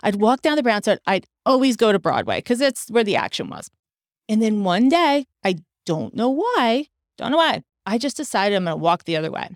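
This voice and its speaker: A middle-aged woman hosting a podcast, telling personal stories in casual chat with animated delivery. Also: mid-range voice, fairly quick, dry recording, studio quality. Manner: animated, acts out quoted dialogue. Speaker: podcast host.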